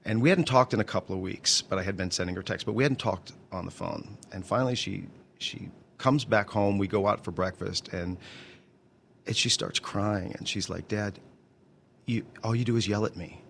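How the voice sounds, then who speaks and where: A man's voice: low-pitched, vocal fry, fairly bright tone, slight background noise. A man in his fifties, a guest in an interview, talking candidly with many halts and restarts. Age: 50s. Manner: halting, many restarts and repeated words. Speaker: interview guest, actor and songwriter.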